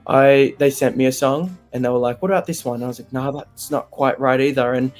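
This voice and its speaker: A young man with an Australian accent, talking openly and with feeling in an interview, animated and laughing easily. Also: medium pitch, brisk, faint music behind. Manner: candid, animated, laughs often. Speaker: interviewee, singer. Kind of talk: open, emotional interview chat.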